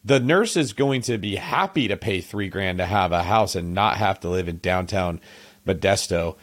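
A male podcast host with a notably low voice, talking in a relaxed, conversational way. He sums up and stresses his guest's ideas with clear approval. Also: normal speed. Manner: emphatic, recaps and praises the guest's points. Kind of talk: interview conversation.

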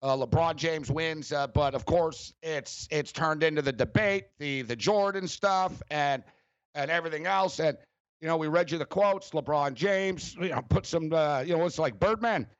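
A man's voice: fairly high pitch, moderate pace, no echo. Man, sports radio host, ranting, sarcastic, filler-heavy, dry, lo-fi. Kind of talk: opinionated sports radio talk.

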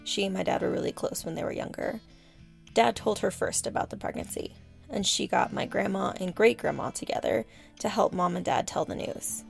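Very gravelly-voiced woman narrating. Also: medium pitch, fairly quick, faint music behind. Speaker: documentary narrator, the speaker's daughter. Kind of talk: scripted narration.

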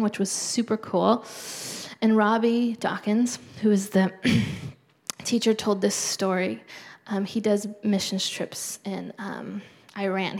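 Middle-aged woman preacher, gravelly, earnest and conversational, drops to a near-whisper. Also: mid-range voice, a little mellow. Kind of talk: sermon.

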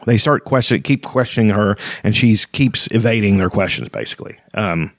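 Hosting a relaxed fantasy book discussion, this man speaks at a normal speed in a lowish, expressive voice with no room sound. His talk wanders, full of fillers and restarts, and he stops to read quotes aloud.

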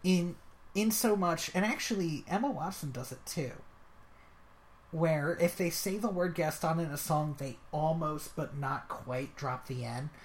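A podcast host talking over a movie in a loose, casual chat. The delivery is chatty and quick, and the host keeps jumping back in with stray afterthoughts. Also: medium pitch.

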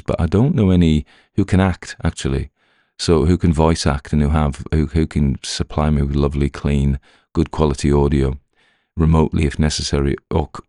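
A man with a Northern English accent talks loosely to his podcast listeners in a very deep, low voice. He rambles and jokes at his own expense, full of ums and restarts. The recording is dry and close, with no room sound. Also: warm tone, no room sound. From Northern England. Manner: rambling, self-deprecating, many fillers and restarts. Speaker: podcast narrator and writer. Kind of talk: rambling casual talk to listeners.

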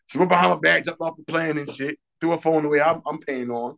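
A man's voice: fairly high pitch, brisk, gravelly, a bit bright, dull audio. A man co-hosting a podcast, telling a story in casual, profane chat and acting out other people's lines with lots of energy. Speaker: podcast co-host.

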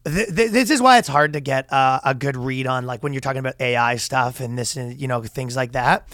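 A man's voice: medium pitch, a little fast, fairly bright tone, dry recording, clean studio sound. A man hosting a comedy podcast, talking in a loose, rambling, profane way with lots of restarts. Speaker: podcast host. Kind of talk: casual comedic chat.

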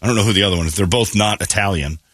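Man, radio host, sore throat, forceful tone, dry close sound, sardonic chat. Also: fairly low pitch, very fast, no echo. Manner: animated, sardonic, often quotes others mockingly. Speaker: radio morning show host. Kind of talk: casual chat, wry storytelling.

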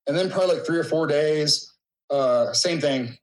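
A middle-aged man in casual conversation, telling a story in a halting, emotional way with many fillers. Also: a little high, rough recording. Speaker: guest.

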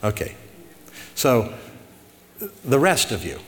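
A man in his pulpit, teaching scripture in a relaxed, folksy way and asking his listeners questions. His voice sits in an ordinary middle register. A long reverb trails off every phrase, as in a church sanctuary. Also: mid-range voice, slow. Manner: folksy, asks the audience questions. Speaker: pastor. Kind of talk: conversational sermon, Bible teaching.

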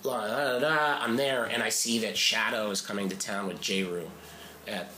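A man's voice: lowish voice, moderate pace, slight background noise. A man, a guest musician, telling stories in casual chat and acting out the quoted voices of people in them. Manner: animated storyteller, acts out quoted dialogue in shifting voices. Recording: roomy echo.

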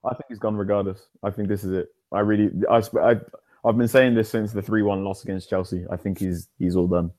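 A man hosting a casual football podcast, moving the talk along briskly. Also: lowish voice, steady tone, a little mellow. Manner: brisk, moves the show along. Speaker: podcast host. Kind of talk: casual sports chat.

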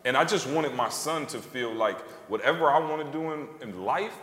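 A man's voice: mid-range voice, lively intonation, moderate pace, a bit bright. A man in his thirties, an author and podcast co-host, telling a story on a live stage and acting out the quotes with animation. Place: stage before a live audience. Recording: roomy hall reverb.

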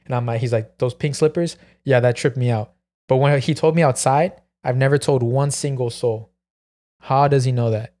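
A man's voice: mid-range voice, fairly even intonation, moderate pace, dark tone. A man telling a long story in casual podcast chat, full of "like" and "bro". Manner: rambling, peppered with "like" and "bro". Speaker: podcast co-host.

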